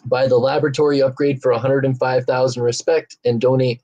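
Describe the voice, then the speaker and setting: A man on a casual podcast chat, explaining things slowly and hesitantly with many fillers. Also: medium pitch, fairly even intonation, darkish tone.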